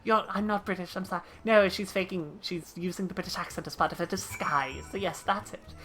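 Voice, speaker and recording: A woman's voice: fairly low pitch, steady tone, brisk, fairly bright tone, faint music behind. A woman streaming a game live, chatting casually, thanking viewers and joking.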